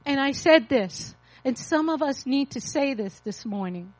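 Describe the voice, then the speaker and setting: A woman's voice: sits high, animated, measured pace, hardly any pauses, darkish tone, no room sound, low-quality recording. A woman in her fifties, a pastor, preaching an emotional, confessional testimony. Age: 50s. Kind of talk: sermon testimony.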